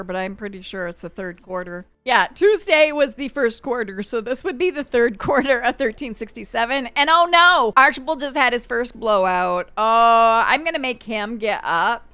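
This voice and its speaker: A woman casually narrating a life-simulation game, chatty and expressive, talking to the characters and the game as she plays. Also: fairly high pitch, moderate pace, few pauses, clear, resonant tone, faint music behind. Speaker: game streamer. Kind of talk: casual let's-play narration.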